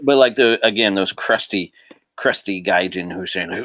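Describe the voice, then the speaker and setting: A man with a very low voice, talking in a casual podcast chat. He is animated, laughs often and restarts his sentences. The sound is dry and close. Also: moderate pace, no room sound. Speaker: podcast guest.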